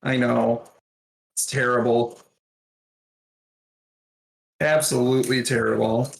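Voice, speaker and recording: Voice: mid-range voice, fairly even intonation, slow pace, vocal fry. A streamer chatting casually in a home kitchen while cooking, with a sarcastic, rambling manner. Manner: sarcastic, chatty, fond of fillers. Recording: roomy kitchen with faint noise.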